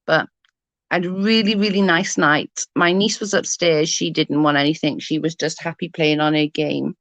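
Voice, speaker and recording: Chatty British woman, lowish voice. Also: dry recording, rough recording. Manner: chatty, rambling, answers comments. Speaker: livestreamer. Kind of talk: casual chat with viewers.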